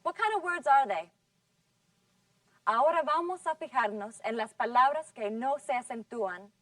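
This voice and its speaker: A woman's voice: high-pitched, lively intonation, no room sound, far from the mic. Patient woman teacher drilling words. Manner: patient, drawn-out model words. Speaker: English teacher. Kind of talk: scripted classroom lesson.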